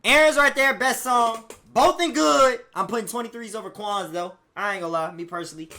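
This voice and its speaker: A man's voice: extremely high pitch, a little fast, bright, forceful tone. A man streaming casually, rambling in a loose, profane, slang-heavy way. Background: faint music playing.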